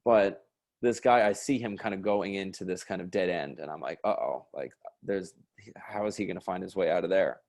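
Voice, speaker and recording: A man's voice: low-pitched, moderate pace, darkish tone. A man in his late twenties, a sketch comedian guest, telling loose, swear-filled stories with lots of laughter. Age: late 20s. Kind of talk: casual conversational storytelling.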